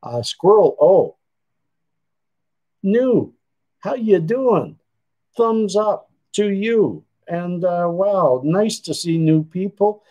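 A man's voice: high voice, expressive, very slow, long pauses, warm tone, poor audio. A man hosting a livestream, chatting casually with viewers and reading their comments in a rambling, meandering way. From Canada. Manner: rambling, chatty, trails off mid-sentence. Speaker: livestream host. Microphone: computer desk setup.

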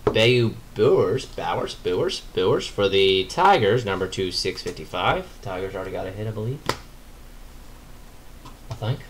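A man with a fairly low voice talks his way through a card break, chatty and easily excited, muttering small asides as he opens each pack. A faint hum of room noise sits behind him. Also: moderate pace, pauses often. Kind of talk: live card-break commentary.

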